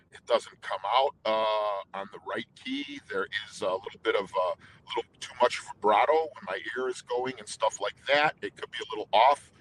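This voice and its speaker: An intense middle-aged man tells long rambling stories, tripping over his words and starting over. His voice is bright and forceful. There is faint background noise. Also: lowish voice, poor audio. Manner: intense, rambling storyteller with many restarts. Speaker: guest singer. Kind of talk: casual interview talk.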